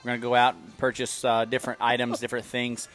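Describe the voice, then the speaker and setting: A man's voice: medium pitch, little pitch movement, fast talker, fairly bright tone. A man co-hosting a local sports talk show, explaining sponsorships in a loose, rambling way with many fillers. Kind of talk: casual talk show chat.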